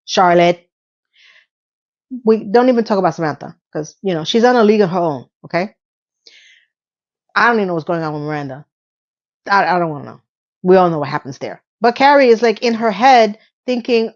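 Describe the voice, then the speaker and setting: A woman host giving a casual episode recap, chatty and sassy, with playful asides and quick self-corrections. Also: medium pitch, lively intonation, a little mellow, highs cut off. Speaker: video host.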